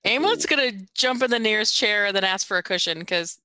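A woman playing a tabletop game who talks in a quick, chipper way. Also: medium pitch, expressive, pushed and bright, clean tone, no echo. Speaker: player. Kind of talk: tabletop role-play.

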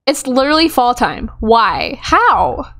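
A young woman chatting through a game session with a fairly high voice. She giggles often and talks straight to the characters on screen, and her voice is still a little rough as she gets over a cold. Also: sing-song, takes it slowly, fairly bright tone. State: recovering from a cold, voice a bit rough. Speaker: gaming YouTuber. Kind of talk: casual gameplay commentary.

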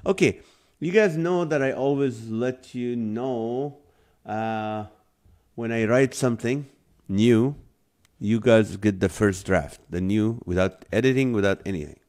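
Man, live show host, casual comic venting, rambling, middle pitch. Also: measured pace. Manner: rambling, venting, animated when annoyed. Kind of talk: casual comedic monologue.

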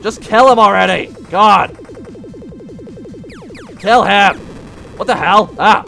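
High, gravelly young man ranting. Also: slow, soft background music. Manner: frustrated, yelling outbursts at the game. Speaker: let's play gamer. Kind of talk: casual gameplay commentary.

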